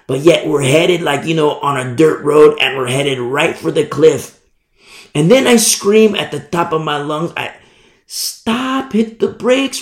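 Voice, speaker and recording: Male preacher, gravelly and animated, lively pitch, echoey room sound. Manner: animated storytelling, acts out shouted warnings. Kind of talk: sermon.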